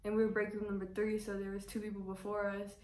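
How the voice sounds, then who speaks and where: A woman's voice: medium pitch, monotone, fast, a little mellow, recorded from a distance, a little hiss or hum. A young woman telling a casual storytime, chatty and full of "like", acting out what people said. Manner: chatty, fills with "like", acts out quotes. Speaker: vlogger. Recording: roomy echo, voice away from mic.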